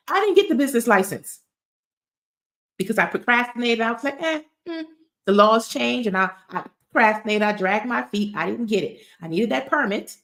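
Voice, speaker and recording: A woman's voice: fairly high pitch, fairly bright tone. A woman talks through business advice in a casual, chatty way. She is emphatic and loves a storytelling aside, leaning on key points to drive them home. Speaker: tax resolution expert. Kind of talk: casual advice talk to camera.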